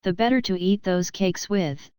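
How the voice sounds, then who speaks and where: A woman's voice: mid-range voice, moderate pace, a little mellow, clean tone, dry recording, studio quality, lightly acted. A woman reading the lines of a sly, falsely polite male wolf in a children's storybook.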